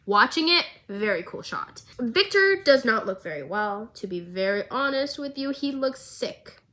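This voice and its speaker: Woman vlogger, bright, fairly high, gushing, chatty recap commentary. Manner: excitable and gushing, with quick asides.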